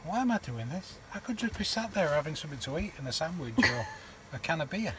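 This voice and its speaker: A man's voice: a little high, big pitch swings, fast, bright, forceful tone, a little hiss or hum, poor audio. A man in a camper van joking and mock-grumbling while he cooks on camera. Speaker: vlogger cooking in a camper van. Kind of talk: casual chat. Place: camper van outdoors at a campsite.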